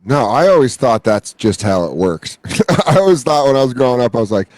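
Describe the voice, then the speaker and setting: A man co-hosting a comedy podcast, telling stories in an animated way and acting out quotes. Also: medium pitch, fairly quick, dry recording. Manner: animated storyteller, acts out quotes in voices. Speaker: podcast co-host. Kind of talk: casual comedy podcast chat.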